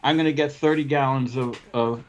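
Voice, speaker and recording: A man's voice: medium pitch, fairly even intonation, brisk, a little hiss or hum. A man co-hosting a podcast, swearing freely as he tells stories and acts out both sides of his run-ins. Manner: profane storyteller who acts out both sides of his arguments. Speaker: podcast co-host. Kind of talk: casual chat. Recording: dull lo-fi podcast audio.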